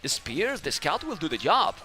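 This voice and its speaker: Excitable high-voiced male esports caster. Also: normal speed, slight background noise. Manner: excitable, exclaims loudly at big moments. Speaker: esports commentator. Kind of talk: live game commentary.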